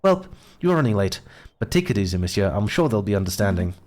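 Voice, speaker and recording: A man's voice: fairly low pitch, very animated, fast talker, a little mellow, soft background music. A man voicing a chatty, friendly male bird fisherman in a game, with a fussing, insistent manner.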